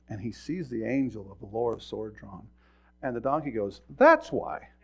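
A man preaching a sermon as pastor, retelling a story with swings from hushed to loud. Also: medium pitch, vocal fry, slightly rough.

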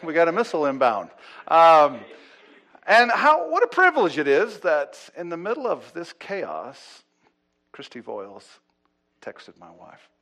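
Man, pastor, sermon story, animated, slightly high voice, very lively pitch. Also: a little slow. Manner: animated storyteller, acts out quotes, swings from loud to hushed.

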